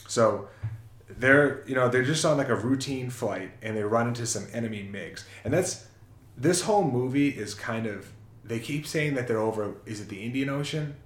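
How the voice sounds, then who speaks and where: A man's voice: medium pitch, moderate pace, roomy sound. A man casually retelling a film's plot in a rambling, self-correcting way on a chat show. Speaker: podcast co-host. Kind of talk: casual movie recap chat.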